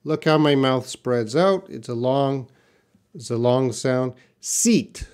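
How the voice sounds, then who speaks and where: A man's voice: mid-range voice, slow pace, a little mellow, smooth. A man teaching a live online English pronunciation lesson, stretching out example words and chatting casually with viewers.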